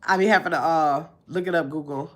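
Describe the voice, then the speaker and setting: A woman hosting a casual livestream, chatting to her viewers and dropping to a low mumble while she searches her phone. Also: fairly quick. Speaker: livestream host.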